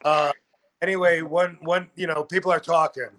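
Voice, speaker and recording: A man's voice: fairly high pitch, level tone, moderate pace. A man of about fifty chatting as a podcast guest, rambling with many fillers and restarts. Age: 50s. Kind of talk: casual podcast chat.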